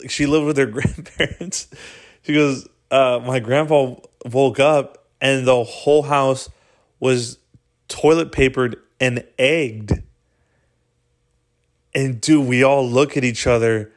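A young man hosting a podcast, casually telling a story with lots of swearing and laughter. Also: medium pitch. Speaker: podcast host.

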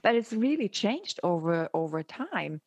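A woman speaking in a casual, reflective conversation, thoughtful and often laughing softly. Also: mid-range voice, sing-song, measured pace, breathy edge, no echo. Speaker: photographer and podcast host.

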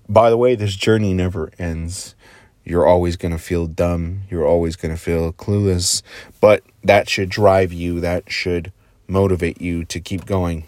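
A man giving a casual motivational monologue, earnest and rambling, drifting into quiet asides and casual swearing. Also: deep voice, dry recording. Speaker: motivational speaker.

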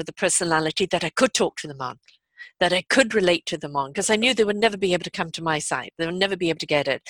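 Expressive woman hosting a radio chat. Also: fairly low pitch, dry recording. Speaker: radio network host. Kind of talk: casual chat.

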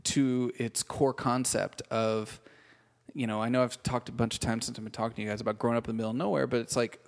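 A man chatting as a podcast guest, telling stories in an animated, casual and profane way. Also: mid-range voice, fast, vocal fry. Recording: long hall reverb.

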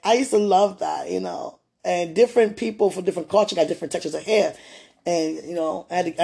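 A woman who used to be a childcare teacher, chatting casually in an interview and telling lively stories with frequent laughter. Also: sits low, creaky, breathy edge. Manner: chatty, laughs often, animated retelling.

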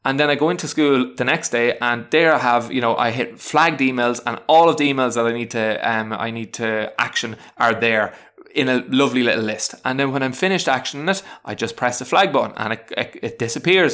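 A man's voice: medium pitch, fairly quick, fairly bright tone. Rambling man sharing everyday advice. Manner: rambling, many restarts and fillers; frank, chatty, self-deprecating. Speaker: teacher sharing self-help tips. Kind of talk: casual spoken advice monologue.

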